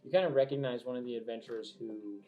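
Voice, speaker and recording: A man's voice: medium pitch, quick pace, warm tone. A man narrating a tabletop game as game master, casual with many fillers, in an echoey lo-fi recording. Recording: echoey lo-fi room with faint music.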